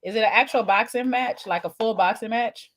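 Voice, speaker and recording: A woman's voice: fairly high pitch, a little fast. A woman, co-hosting a casual chat show, talking to viewers while eating, with teasing asides. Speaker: podcast co-host.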